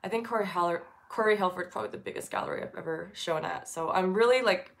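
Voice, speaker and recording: A woman's voice: fairly low pitch, quick pace, vocal fry. A woman hosting a casual livestream from her art studio on her phone, sounding congested from allergies and chatting with lots of fillers. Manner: chatty with frequent fillers and giggles. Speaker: artist livestream host.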